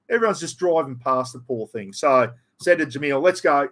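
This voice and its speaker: A man's voice: medium pitch, animated, a little fast, hardly any pauses, fairly bright tone. A middle-aged Australian man chatting casually on his livestream, reading out chat comments in a broad, blokey way. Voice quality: broad, blokey, says "mate" and "bloody" a lot. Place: room at home with aircon.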